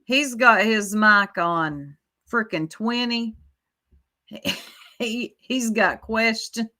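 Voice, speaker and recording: Southern woman, unhurried livestream host, chatty and reactive, thanking viewers between comments. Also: fairly high pitch, lively intonation, sharp tone. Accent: Southern American. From Southern United States. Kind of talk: casual live-stream commentary.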